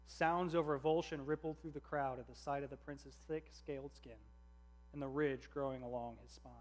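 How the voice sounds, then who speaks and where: A man reading a story aloud in a measured, earnest narration. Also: on the high side, darkish tone.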